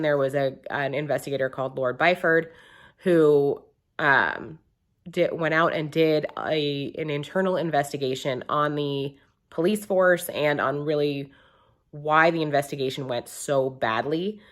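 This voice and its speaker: A woman's voice: low-pitched, unhurried. A young woman reviewing books in a casual, rambling vlog, full of ums and restarts. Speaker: book reviewer.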